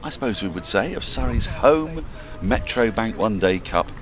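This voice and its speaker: A man's voice: lowish voice, moderate pace. A man giving live cricket commentary outdoors at a ground, playful and jokey as he calls the play. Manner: playful, jokey, animated delivery. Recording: open-air ground noise under the voice.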